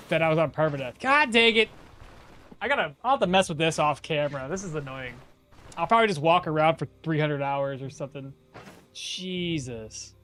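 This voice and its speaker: Man, game streamer, casual live chat, high lively voice, faint music behind. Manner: exasperated, laughing, talks to chat.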